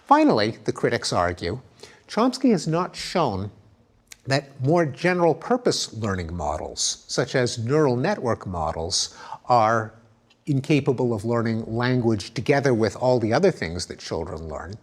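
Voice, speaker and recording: A man giving an academic lecture, explaining with lively emphasis and spoken examples. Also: mid-range voice, a little slow.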